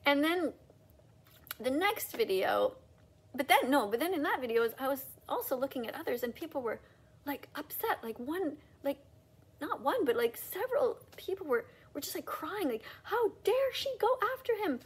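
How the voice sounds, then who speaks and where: A woman's voice: expressive, moderate pace. A woman giving an emphatic, preachy ranting monologue to camera as a video creator. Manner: emphatic and preachy, with sudden mocking pitch jumps.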